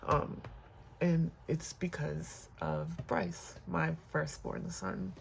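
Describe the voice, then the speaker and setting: A vlog host talking in an unscripted personal vlog, candid and reflective, with many pauses and fillers. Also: mid-range voice, very animated, gravelly, slight background noise.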